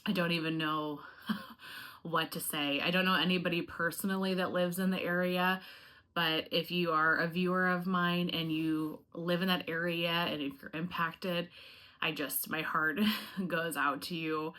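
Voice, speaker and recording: Woman vlogger, lowish voice, bright tone, friendly rambling chat to viewers. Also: level tone, measured pace. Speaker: home fragrance YouTuber. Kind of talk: casual chatty review vlog.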